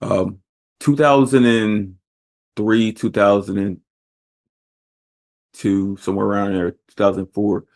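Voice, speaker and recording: A man hosts a podcast in a casual conversation. His voice is fairly low. He talks thoughtfully and often restarts his sentences. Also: steady tone, takes it slowly, long pauses, darkish tone. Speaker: podcast host.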